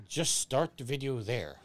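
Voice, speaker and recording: A man's voice: medium pitch, big pitch swings, slow pace. A man hosting a game stream, rambling casually through gaming talk and chuckling often. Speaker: streamer host.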